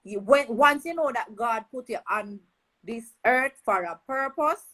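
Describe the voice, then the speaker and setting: A Jamaican woman with a fairly high voice hosts a casual chat. She is enthusiastic and exclaims and affirms often, speaking openly and warmly engaged with her guest. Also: expressive, measured pace, low-quality recording. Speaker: host.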